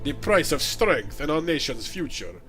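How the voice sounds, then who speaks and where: A man's voice: a little high, very animated, moderate pace, a bit bright, faint music behind, pitched below the performer's own voice. A man voicing a cold, scheming noblewoman villain with a put-on Russian accent and sneering, theatrical menace. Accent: vaguely Russian, put on.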